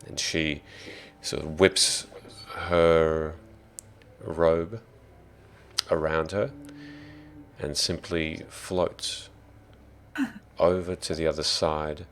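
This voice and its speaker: A man from Australia running a tabletop game as dungeon master, narrating slowly and deliberately. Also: rumbling low, level tone, a bit bright, slight background noise.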